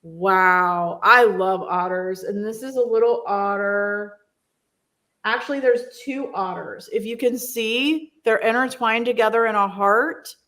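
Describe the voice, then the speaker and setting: A woman's voice: mid-range voice, measured pace, fairly bright tone. A woman giving an intuitive card reading on a live stream, effusive and emotional, with frequent exclamations.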